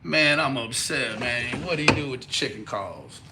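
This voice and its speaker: A man chatting casually with viewers on a livestream, animated and joking, swearing and laughing often. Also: medium pitch, normal speed, background noise. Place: outdoors in a backyard.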